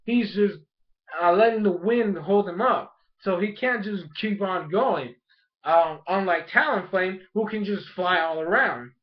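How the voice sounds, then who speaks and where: A young man casually reviewing an anime episode, rambling and animated, acting out the characters' lines as he goes. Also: high voice, measured pace. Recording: dull lo-fi sound.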